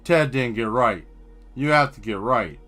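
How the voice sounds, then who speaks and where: A man's voice: mid-range voice, unhurried, fairly bright tone, soft background music. A man chatting casually on a live stream while he draws, rambling and riffing on jokes. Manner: rambling, joking riffs. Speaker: streaming artist.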